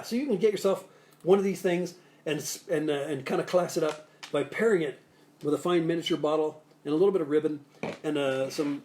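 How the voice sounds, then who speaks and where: A man's voice: a little high, darkish tone, slight background noise. Rambling, jokey male cocktail-show host. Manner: rambling and jokey, with many restarts and asides. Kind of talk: casual live-stream chat with bartending tips. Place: Salt Lake City area.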